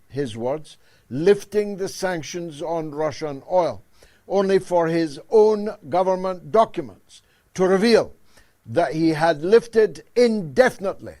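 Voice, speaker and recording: A man's voice: sits high, a little mellow. An older British man hosting a political talk show, delivering a sardonic monologue with theatrical emphasis.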